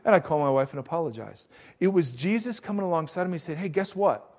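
A middle-aged man preaching a sermon as pastor, telling stories with acted-out quotes in an animated way. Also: fairly high pitch, very fast.

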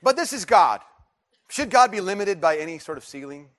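Animated middle-aged man preaching a sermon. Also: high-pitched, a little fast. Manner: animated storytelling, restarts and rising emphatic questions. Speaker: pastor. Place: church service.

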